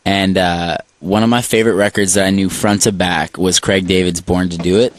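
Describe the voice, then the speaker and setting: A man's voice: low-pitched, steady tone, normal speed. A man in his twenties, a singer guest telling a rambling story in a radio studio, full of likes and restarts. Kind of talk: casual radio interview chat.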